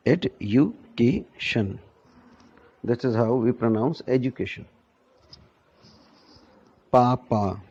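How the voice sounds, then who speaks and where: Brief Male teacher, slow, deliberate delivery, gravelly voice, keeps checking his class understands. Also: mid-range voice, darkish tone, muffled recording. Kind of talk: classroom lecture on pronunciation.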